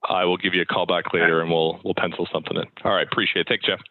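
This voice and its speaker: A man making a live cold sales call, upbeat and persistent as he pitches. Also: flat delivery, rapid-fire, no echo. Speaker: sales caller. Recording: tinny phone-like audio, dry.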